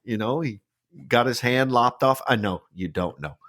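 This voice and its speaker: A man in his forties co-hosts a podcast, trading jokes and dropping swear words freely. His pitch swings widely as he talks, and the sound is close and dry, with no room around it. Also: normal speed, no room sound. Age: 40s. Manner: swears freely, jokey and animated. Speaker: podcast co-host. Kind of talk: casual podcast chat.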